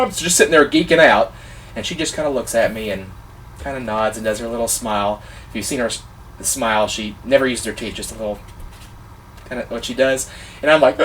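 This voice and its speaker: A man vlogger telling a personal story in a casual, excitable, animated way, gushing like a fan. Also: medium pitch, fast, distant mic, slight background noise.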